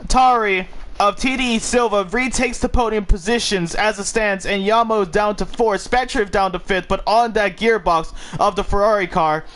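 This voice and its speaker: A man calling a sim race in a high, bright voice that sits well above the usual male range. He is excitable and gets swept up when the battles heat up. He commentates live on a headset mic. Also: normal speed. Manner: excitable, gets swept up and laughs at busy moments.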